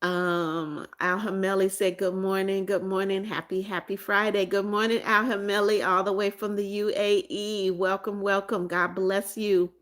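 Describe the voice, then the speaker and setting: A woman's voice: mid-range voice, little pitch movement, moderate pace, few pauses, a bit bright. Chatty American woman hosting a livestream. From United States. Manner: chatty, repeats greetings and names, coaxing viewers. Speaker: livestream host. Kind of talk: casual livestream chat reading comments.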